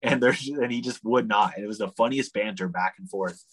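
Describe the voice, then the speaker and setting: A young man casually telling a long travel story as a guest, animated and full of "like," acting out the people he quotes. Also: on the low side, a little fast, breathy edge, rough recording. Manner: animated, leans on "like" a lot, acts out the people he quotes.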